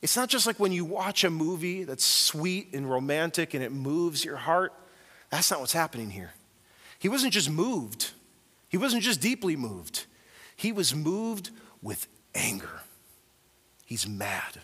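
A male pastor delivers an earnest, emphatic sermon in a fairly high, bright voice. He swings from hushed asides to forceful declarations as he tells the story. His voice rings out with the long reverb of a big sanctuary. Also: big pitch swings, moderate pace, slightly rough.

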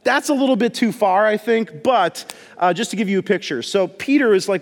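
Upbeat pastor guy, high voice that swings all over, lots of reverb from a big church hall. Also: brisk, few pauses. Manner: animated storytelling, acts out voices, jokes with congregation. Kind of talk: casual sermon. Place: church sanctuary.

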